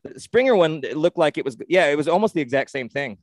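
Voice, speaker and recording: Excitable, profane man, dry close sound. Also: on the high side, fast talker, no room sound. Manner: rambling, excitable, profane, frequent restarts. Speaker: podcast co-host. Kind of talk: casual sports chat.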